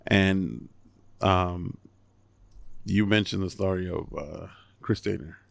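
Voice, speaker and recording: A man's voice: low voice, slow, vocal fry, dry recording. A man hosting a podcast interview, laid-back, casual and swearing freely. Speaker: podcast host.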